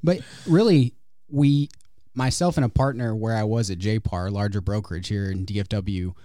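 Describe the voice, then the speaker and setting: A man's voice: fairly low pitch, normal speed, dark tone, no echo. A man from West Texas, a guest real estate agent, talking in an easygoing, earnest way in a radio studio. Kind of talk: casual interview talk.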